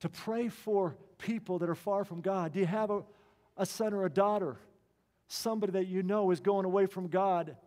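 A man, a pastor, tells a story in an earnest sermon, slowing down to stress key lines. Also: sits high, fairly even intonation, warm tone, in a large hall.

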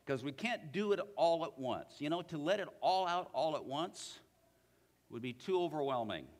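A man's voice: on the high side, expressive, moderate pace, big-room sound. A man preaching a sermon in a church, earnest, reading scripture aloud with feeling.

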